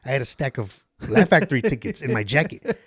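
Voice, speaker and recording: A man's voice: medium pitch, big pitch swings, brisk, breathy edge, no echo, clean studio sound. A man, a comedian guest on a podcast, telling stories in casual chat, swearing a lot and acting out the voices of people in his anecdotes. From Los Angeles area.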